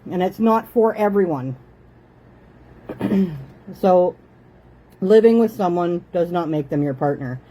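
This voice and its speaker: Mellow-voiced woman chatting from home. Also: on the low side, lively intonation, slow, pauses often, poor audio. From Canada. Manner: chatty, motherly, breaks off to scold kids. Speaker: host. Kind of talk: casual home livestream chat. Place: home living room.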